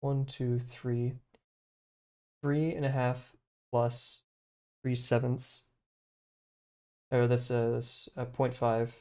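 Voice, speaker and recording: A man's voice: mid-range voice, flat delivery, takes it slowly, pauses often, a little mellow. A young man, chatting casually on a live stream while he draws, rambling with many fillers and restarts.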